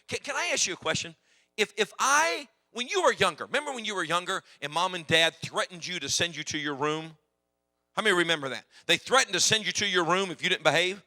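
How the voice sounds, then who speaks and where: A man preaching a sermon in a church, telling stories in an animated, emphatic, humorous way. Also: high voice, quick pace, dry recording. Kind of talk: sermon with personal storytelling.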